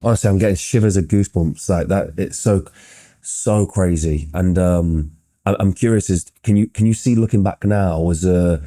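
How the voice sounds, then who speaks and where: A man's voice: sits low, normal speed, mellow, no room sound, clean studio sound. A male podcast host asking follow-up questions, hesitant and searching for the words. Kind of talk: interview questions.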